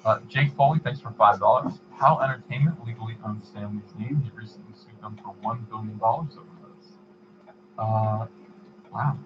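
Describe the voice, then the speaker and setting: A man hosting a livestream, chatting casually and reading donations, in a rambling, halting way. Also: on the low side, muffled recording, background noise. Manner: rambling, halting, many fillers and restarts. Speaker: livestream host.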